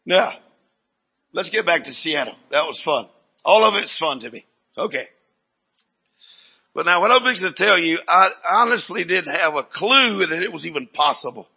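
Older preacher guy rambling thru a story, high husky voice, kinda gravelly. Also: lively intonation, moderate pace, long pauses. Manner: rambling, folksy, with repeated restarts and sudden shouts. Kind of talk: storytelling sermon.

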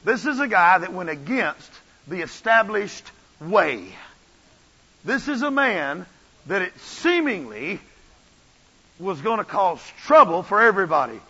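A man preaching from the pulpit with a bright, forceful voice and a fervent, repetitive cadence. His voice sits a little high. The recording is dull and trails off into long reverb from a large church room. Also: husky. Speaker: pastor. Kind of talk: sermon.

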